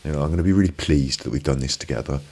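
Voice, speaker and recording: A man with an extremely deep, gravelly voice and a husky edge gives a motivational talk on a live stream. He speaks reflectively and repeats phrases for emphasis, close on a binaural microphone. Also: rapid-fire, warm tone. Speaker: ASMR live-stream host.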